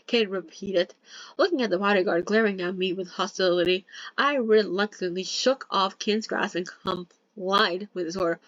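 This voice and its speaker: Young woman reading a novel aloud, casual, quick to joke and swear, dry muffled sound. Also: medium pitch, fairly bright tone, no room sound. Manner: joking asides, swears, self-corrects. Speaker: novel reader. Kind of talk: casual novel read-along with commentary.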